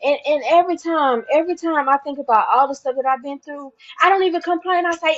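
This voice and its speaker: High-voiced woman preaching her testimony. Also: fairly quick, few pauses. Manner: preacherly, repeating lines for emphasis; swings from low and hushed to loud and high. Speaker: mother speaking out on her own channel. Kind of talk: impassioned spoken testimony. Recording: dull lo-fi recording.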